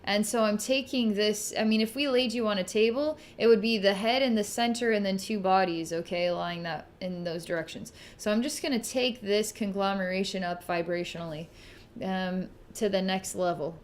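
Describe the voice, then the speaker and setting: A woman speaking in a middle register as she gives a psychic reading to a client. She muses aloud, pauses often and sighs, with little laughs scattered through. Her voice sits at an ordinary pitch, neither high nor low. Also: slight background noise. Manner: musing, halting, with frequent ums and sighs. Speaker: psychic reader. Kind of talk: recorded psychic session.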